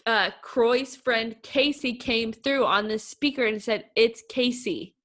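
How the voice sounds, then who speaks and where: Female podcast co-host, higher pitch, gushy and animated, casual reality-TV chatter. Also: a little slow. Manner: gushing, animated retelling. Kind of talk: casual chat about reality TV.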